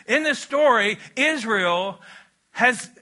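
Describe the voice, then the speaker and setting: A man's voice: extremely high pitch, expressive, takes it slowly, bright, forceful tone. A man preaching a sermon in a church, talking conversationally and drawing the congregation into call-and-response. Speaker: pastor. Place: church auditorium.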